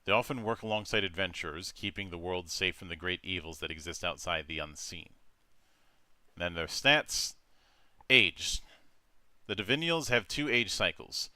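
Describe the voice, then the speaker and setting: A man's voice: low-pitched, expressive, moderate pace, pushed and bright, no room sound. A man hosting a tabletop game stream, reading rules with many fillers and restarts. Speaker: game master.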